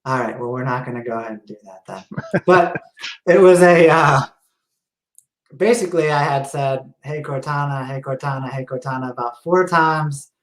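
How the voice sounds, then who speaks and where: A man's voice: a little high, moderate pace. A man hosting a casual online show, playfully quizzing his co-host and teasing about the answers. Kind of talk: casual quiz show chat. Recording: roomy echo.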